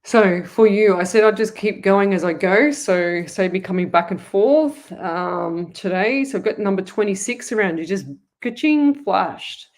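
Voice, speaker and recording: A woman's voice: mid-range voice, measured pace, few pauses. A woman with an Australian accent hosting a live online psychic reading show, chatty and rambling, talking straight to her viewers. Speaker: psychic medium host.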